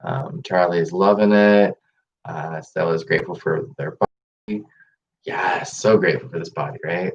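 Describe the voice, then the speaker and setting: Low-voiced man hosting a meditation stream. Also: fairly even intonation, measured pace, vocal fry. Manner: laughs often, upbeat, chatty with fillers. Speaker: meditation host. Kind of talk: casual live-stream guided meditation. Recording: dull lo-fi live-stream audio with faint noise.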